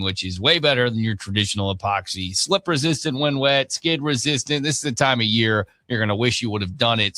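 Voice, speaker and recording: A man co-hosting sports radio, bantering and reading an ad briskly. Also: medium pitch, sharp tone, dry recording, studio quality. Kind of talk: casual sports radio chat and ad reads. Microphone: studio mic.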